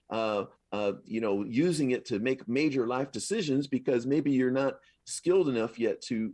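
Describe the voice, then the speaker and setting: Lively husky-voiced man preaching a sermon. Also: medium pitch, dry recording. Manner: affirming, repetitive, conversational preaching. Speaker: minister. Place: live service at a spiritual center.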